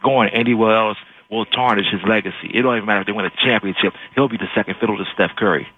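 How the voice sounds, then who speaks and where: A man's voice: on the low side, fairly even intonation, racing. A man from Ohio calling into a sports radio show, making emphatic, declarative points. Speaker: caller. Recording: phone line.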